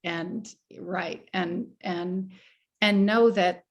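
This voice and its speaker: A woman hosting an interview, enthusiastic and halting, with frequent restarts. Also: fairly low pitch, steady tone. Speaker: host. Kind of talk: casual interview chat.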